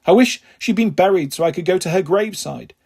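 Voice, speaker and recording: A man reading a children's novel aloud in a steady first-person storytelling manner, with a husky voice. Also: high voice, a little fast. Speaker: audiobook reader.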